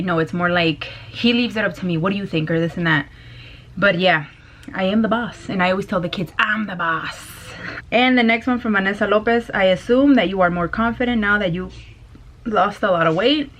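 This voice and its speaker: A woman vlogger chatting casually to her camera, loud and bubbly, laughing often. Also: lowish voice. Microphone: compact camera.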